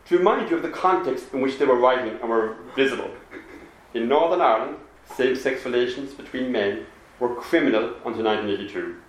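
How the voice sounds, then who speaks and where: A man giving a public talk to an audience, reading and quoting from a pamphlet in a measured, explanatory manner. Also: medium pitch. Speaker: public speaker. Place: meeting room with an audience. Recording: echoey room with faint ambience.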